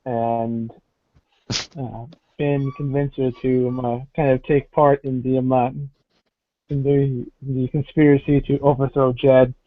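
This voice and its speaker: A man narrating a tabletop game as game master, halting with many fillers. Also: mid-range voice, little pitch movement, dry recording. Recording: tinny phone-like call audio.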